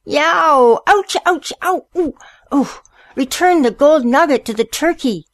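A woman's voice: mid-range voice, sing-song, a little slow, dry recording. A woman voicing a fat, angry male mayor who barks orders. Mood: yelping. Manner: barking orders.

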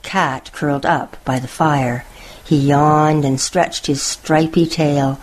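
A woman storyteller reading picture books aloud in a slow, expressive way. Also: deep voice.

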